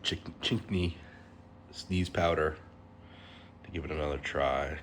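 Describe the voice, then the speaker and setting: A man vlogging casually, breathy and halting, with long pauses and a congested, sniffly sound. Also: rumbling low, fairly even intonation, a bit bright, slight background noise. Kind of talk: casual talk to camera.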